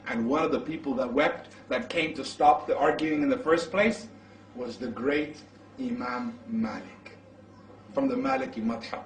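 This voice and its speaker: A man preaching in the style of a storytelling sermon, animated as he acts out the dialogue. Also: fairly high pitch, a little slow, distant mic, slight background noise. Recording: roomy echo from off-mic.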